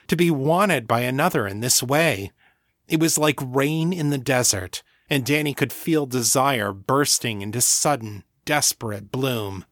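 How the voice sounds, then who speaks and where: Male narrator for a novel, unhurried and even, dry studio sound. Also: mid-range voice, no room sound. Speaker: audiobook narrator. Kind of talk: scripted narration.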